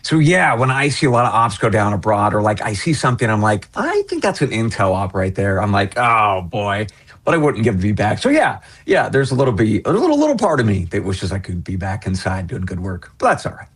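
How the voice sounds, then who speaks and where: Husky, joking man in his forties. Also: lowish voice, fast talker, hardly any pauses. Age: 40s. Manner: animated, joking, playful. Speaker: guest, former intelligence officer. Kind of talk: casual chat.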